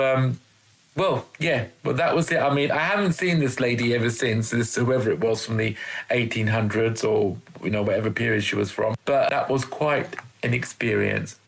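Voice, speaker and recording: A man's voice: medium pitch, creaky, a bit bright, poor audio. A man dramatically telling his own ghost story, sent in as a recording. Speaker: caller sharing a ghost story.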